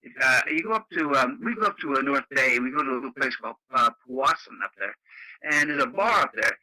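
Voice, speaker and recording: A man chats on a radio net, rambling and folksy with exclamations. His voice is very bright and sharp. The sound is close and dry. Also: mid-range voice, animated, quick pace, no room sound, low-quality recording. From Canada. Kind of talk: casual radio chat.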